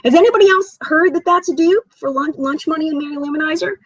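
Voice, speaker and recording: A woman's voice: sits high, fast, lo-fi sound, slight background noise. A woman hosting a live makeup chat stream, reading viewer comments aloud and gushing over them. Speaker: beauty channel host.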